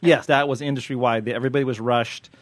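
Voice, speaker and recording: A man's voice: medium pitch, steady tone, no room sound. A man hosting a podcast as a TV critic, chatting in a joking, rambling way and teasing his guests. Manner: jokey, rambling, quick to tease. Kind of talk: casual podcast chat.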